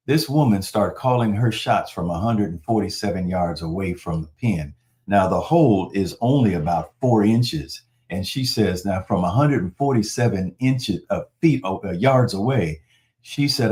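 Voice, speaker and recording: A man preaching a sermon in a conversational, animated storytelling manner. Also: fairly low pitch, moderate pace. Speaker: pastor.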